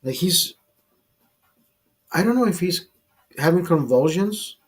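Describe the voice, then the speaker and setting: Man, husky voice, slightly high, profane rambling storyteller, casual livestream host. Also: lively intonation, takes it slowly. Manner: profane, rambling anecdote teller.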